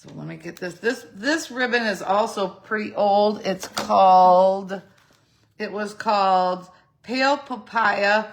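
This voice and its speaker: A woman's voice: medium pitch, fairly bright tone. A middle-aged woman talking through a craft project step by step, chatty, thinking aloud and correcting herself, with a slightly phlegmy throat. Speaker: craft demonstrator. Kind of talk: casual step-by-step craft tutorial.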